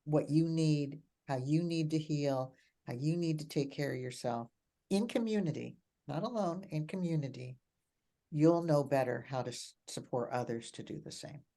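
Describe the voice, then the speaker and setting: An older woman speaking as a coach and mentor in a reflective conversation, animated, often laughing and repeating phrases for emphasis. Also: deep voice, moderate pace.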